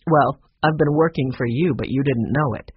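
A narrator doing a calm, reassuring young man. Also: medium pitch, moderate pace, slightly rough, no echo, dull audio, lightly acted. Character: friendly, tall young prospector man.

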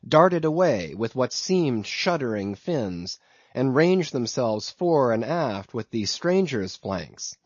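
A man's voice: medium pitch, no room sound, dull audio. Man narrating an audiobook, dry sound.

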